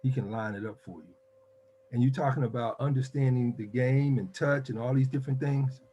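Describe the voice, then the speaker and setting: An older man from Philadelphia hosts a relaxed interview at an ordinary pitch for a man. He talks with emphatic enthusiasm and puts weight on every line. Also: a little fast, lo-fi sound, slight background noise. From Philadelphia, United States. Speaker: host. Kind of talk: casual interview.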